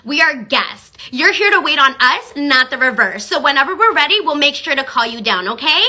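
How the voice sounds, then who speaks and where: A woman putting on the voice of a rude, condescending female restaurant guest, slow and drawling. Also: very high voice, sing-song, sharp tone, exaggerated voice.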